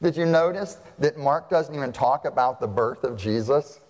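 Chatty pastor in a reverberant church. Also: male voice, medium pitch, moderate pace, darkish tone. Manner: chatty, asks the congregation questions. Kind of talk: conversational sermon. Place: church sanctuary. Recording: long church hall reverb.

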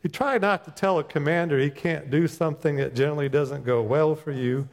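A man's voice: a little high, a little fast. A middle-aged man, a chaplain, giving a sermon in a folksy, conversational storytelling manner from a church. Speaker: chaplain pastor. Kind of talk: sermon with personal stories. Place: church sanctuary. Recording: long church reverb.

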